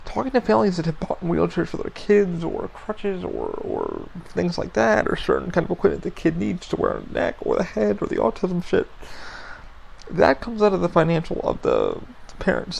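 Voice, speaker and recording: A man with a heavily gravelly, fry-laden voice talks bluntly on his podcast. His pitch sits a little high for a man, and he speaks with unfiltered frankness, swearing freely as he vents. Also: wildly swooping pitch, normal speed, a little mellow, slight background noise, poor audio. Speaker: podcast host. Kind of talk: casual venting monologue.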